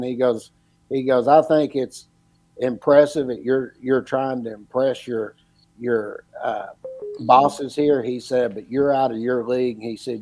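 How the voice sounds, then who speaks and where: A middle-aged man tells a long story in casual chat, quoting everyone along the way. His voice sits at an ordinary pitch. The sound is dry and close. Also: dark tone, dry recording, rough recording. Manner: folksy, retells dialogue with repeated "he goes" and "I said". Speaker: podcast guest, former electrical inspector.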